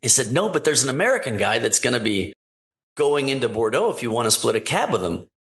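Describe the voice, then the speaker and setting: Male podcast guest, mid-pitched voice, animated storyteller who voices the people in his anecdotes. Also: quick pace. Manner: animated anecdote-telling, acting out quoted dialogue. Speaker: wine importer and company founder, podcast guest. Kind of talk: casual storytelling interview.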